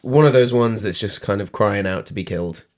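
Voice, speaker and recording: A man's voice: lowish voice, a little fast, darkish tone. A British man co-hosting a casual podcast, talking bluntly and swearing freely. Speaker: podcast co-host. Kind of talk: casual chat.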